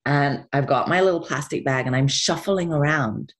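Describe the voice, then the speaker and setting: A woman's voice: sits low, normal speed. A middle-aged woman chatting as a guest in an interview, telling stories with laughter. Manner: chatty, animated storytelling with laughs. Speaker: guest actress. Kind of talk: casual interview chat.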